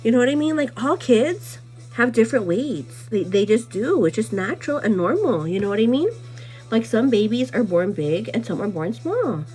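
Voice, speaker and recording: A young woman with a fairly high voice gossips her way through a live vlog, rambling and circling back with constant "like" and "you know what I mean." She gets animated and laughs easily, her pitch jumping up when something riles her. Faint music plays behind her. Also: moderate pace. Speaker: livestream host. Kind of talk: casual chatty live vlog.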